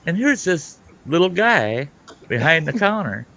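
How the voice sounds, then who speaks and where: A man hosting an online hangout, telling a story casually, cursing freely and getting loud and heated. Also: fairly high pitch, a little slow, gravelly. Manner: animated, profane, grows loud and heated. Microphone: online call.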